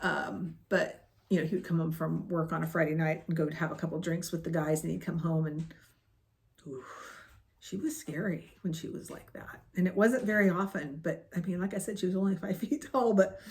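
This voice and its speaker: A woman's voice: fairly low pitch, steady tone, moderate pace, a little mellow. Chatty woman in her late fifties. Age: 50s. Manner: rambling, chatty, with many fillers and asides. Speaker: crochet vlogger. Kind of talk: casual storytelling chat.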